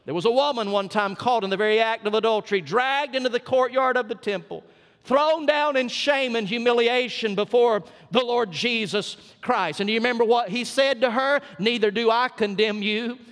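A man's voice: extremely high pitch, moderate pace, a bit bright. A man with a South Georgia Southern accent preaching a sermon as senior pastor, folksy and emphatic, drawing out his punch lines. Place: church sanctuary. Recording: long church reverb.

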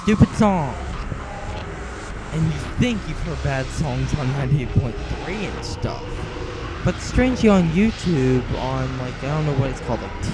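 A man's voice: a little high, low-quality recording. Indignant young man ranting on webcam. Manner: indignant, scornful, keeps repeating "stupid". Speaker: channel host. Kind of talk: webcam rant. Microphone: small webcam.

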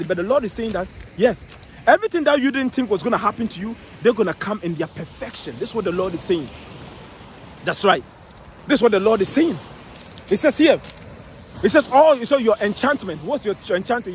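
A very high-pitched man preaches outdoors, pressing each point and repeating himself, breaking off to read scripture slowly. Faint traffic hums behind him. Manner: emphatic, repeats phrases, reads scripture slowly, calls out "eh?". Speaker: street preacher. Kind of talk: street preaching sermon.

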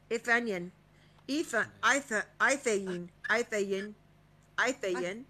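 Woman, high-pitched, slow, exasperated, swearing, laughing. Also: animated, fairly bright tone. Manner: exasperated, swearing, laughing while sounding out names. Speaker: name reader. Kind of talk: casual comedic banter.

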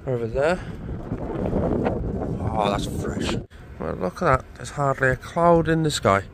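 A man's voice: mid-range voice, expressive, a little slow, gravelly, fairly bright tone. Chatty man vlogging outdoors in wind. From United Kingdom. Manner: chatty, talks to cows and laughs. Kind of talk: casual vlog commentary. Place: outdoors by a van in wind and farm field. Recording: windy outdoor noise.

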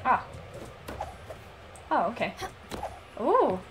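Excitable high-voiced woman streamer. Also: extremely slow, background noise. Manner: excitable, chattering to herself as she plays. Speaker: game streamer. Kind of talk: casual let's-play commentary.

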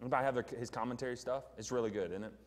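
Middle-aged Southern man, pastor, relaxed teaching sermon, quizzes the room, echoing church hall. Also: mid-range voice, very fast. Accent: Southern American. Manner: conversational, asks the congregation questions, frequent ums. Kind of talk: evening Bible teaching sermon. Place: church sanctuary.

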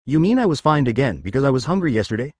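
A man reading the lines of a blunt young woman fighter in a flat machine-read fan fiction, with no change of voice for her. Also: medium pitch, racing, husky, dry recording, studio quality. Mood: plain. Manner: plain read voice, no change for the role.

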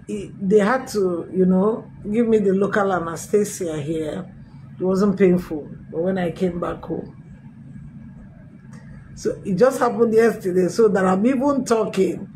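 A middle-aged woman pastor, telling her testimony in a sermon with emphatic, animated storytelling. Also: mid-range voice, a little hiss or hum, poor audio. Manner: storytelling with acted quotes, emphatic swings. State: recovering from a tooth extraction.

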